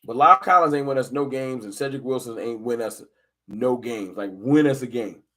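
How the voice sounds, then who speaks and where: A man hosting a casual fan live stream, talking football and arguing with chat viewers in an animated, combative way. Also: mid-range voice, normal speed. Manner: animated, argumentative, addresses chat viewers directly.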